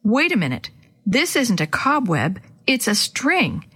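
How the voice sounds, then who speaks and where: A woman's voice: fairly high pitch, wildly swooping pitch, unhurried, a bit bright, breathy edge, exaggerated voice. A woman voicing a frightened but brave young girl who talks herself through her fear in a children's story. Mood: worried, hopeful.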